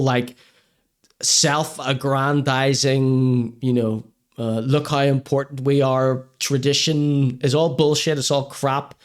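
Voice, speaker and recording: A man hosting a live-streamed comedy show, ranting crudely in mock seriousness and then apologising over and over. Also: fairly high pitch. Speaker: podcast host. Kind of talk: live-streamed comedy rant and chat reading.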